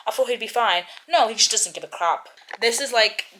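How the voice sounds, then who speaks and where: A woman's voice: fairly high pitch, normal speed, bright, forceful tone. A young woman, a book vlogger, chatting casually and ranting about what she is reading, with lots of filler words. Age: young adult. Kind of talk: casual chat and reading aloud.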